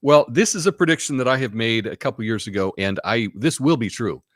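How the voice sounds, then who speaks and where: A man in the middle of a casual live stream, drifting from one thought to the next with plenty of ums and restarts. His voice sits at an ordinary pitch, and it is recorded dry and close with no room echo. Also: fairly quick. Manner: rambling, offhand, reads chat comments aloud.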